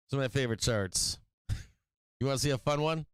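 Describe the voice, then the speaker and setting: A man's voice: mid-range voice, quick pace, smooth, dry recording. A man hosting a live stock market stream, rambling and mocking, swearing often as he talks to his viewers. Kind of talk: casual profane market chat.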